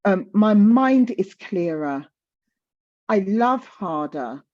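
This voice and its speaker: A woman's voice: mid-range voice, animated, slow, darkish tone, muffled recording. A woman in her fifties talking candidly in conversation, passionate and emphatic, often repeating words for stress. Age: 50s.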